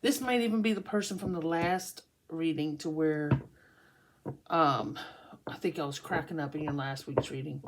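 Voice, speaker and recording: A woman's voice: deep voice, moderate pace, noisy background. A woman doing a casual tarot reading for her channel, chatty and often laughing. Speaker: tarot reader.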